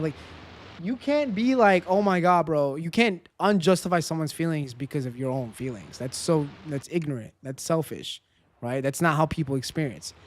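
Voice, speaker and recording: A man's voice: on the high side, slight background noise. A man streaming a game and chatting casually with viewers, rambling and candid, swearing now and then and tagging nearly every sentence with "right?". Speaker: gaming livestreamer. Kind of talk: casual livestream chat with viewers.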